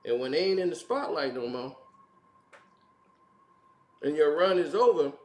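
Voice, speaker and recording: A man's voice: a little high, lively intonation, a little slow, reverberant. A man hosting casual opinion commentary, laughing often and making mocking asides. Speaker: commentary channel host.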